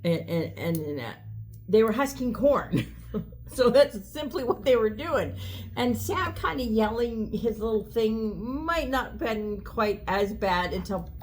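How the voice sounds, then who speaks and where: A woman's voice: fairly high pitch, animated, measured pace, slight background noise. A middle-aged woman co-hosting a shop's weekly show, chatting casually and telling stories with frequent laughter. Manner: chatty storyteller, laughs often. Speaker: co-host. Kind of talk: casual chat.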